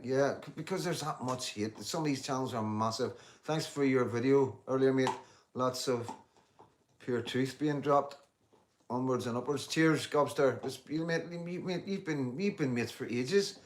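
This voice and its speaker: A man in his fifties hosts a livestream in a chatty, blunt way, swearing freely as he answers viewers. His pitch sits in a middle range. A faint hiss runs under his voice. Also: normal speed. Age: 50s. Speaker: livestream host. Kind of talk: casual livestream chat, reading out viewer comments.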